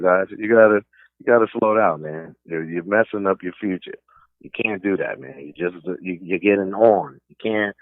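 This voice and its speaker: Brief: streetwise New York sports radio host, opinionated rant, deep-ish voice, dry phone-quality sound. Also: male voice, no room sound. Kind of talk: casual sports talk radio. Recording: dry, phone-like narrow band.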